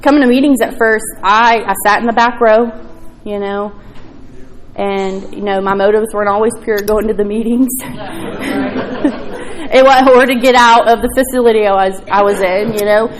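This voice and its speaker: A woman's voice: mid-range voice, steady tone, moderate pace, some chatter behind, low-quality recording. A woman telling her recovery story at a meeting, candid and profane, with plenty of fillers. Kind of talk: personal testimony at a recovery meeting.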